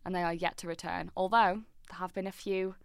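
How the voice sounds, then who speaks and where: A woman's voice: lowish voice, fairly even intonation, fairly quick, gravelly, smooth, no echo, clean studio sound. A woman co-hosting a podcast, chatting in a bubbly, giggly way. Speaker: podcast co-host. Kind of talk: casual chat.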